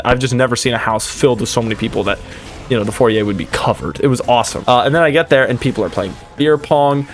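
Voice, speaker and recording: A male streamer casually telling a story in an animated, rambling way, full of fillers. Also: mid-range voice.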